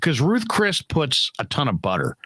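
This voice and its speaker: A man's voice: medium pitch, moderate pace, dry recording. A middle-aged man hosting a sports show, telling stories casually, laughing and swearing as he goes. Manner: animated storyteller, laughs, swears freely. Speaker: sports talk host. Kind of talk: casual chat, storytelling.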